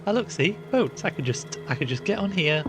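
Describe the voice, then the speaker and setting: A man's voice: on the high side, expressive, brisk, music in the background. Chatty man streaming a horror game. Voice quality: chatty, squeamish, laughs easily. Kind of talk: casual live gameplay commentary. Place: room sitting in the dark.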